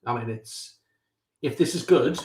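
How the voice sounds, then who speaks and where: A man's voice: medium pitch, measured pace, darkish tone, reverberant. A male host joking and teasing his guest in a casual chat over a video call. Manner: teasing, jokey.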